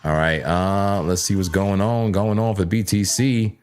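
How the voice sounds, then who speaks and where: A man's voice: low-pitched, fairly even intonation, a little slow, darkish tone, clean tone. A man hosting a live trading stream, talking through his charts in a playful, chatty way and speaking straight to viewers in the chat, often repeating words and correcting himself mid-sentence. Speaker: livestream crypto trading host. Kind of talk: casual live chart commentary.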